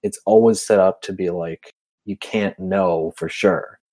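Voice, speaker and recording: A man co-hosting a podcast, talking in a laid-back way with quick asides. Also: low voice, fairly even intonation, mellow, dry recording. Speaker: podcast co-host. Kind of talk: casual chat.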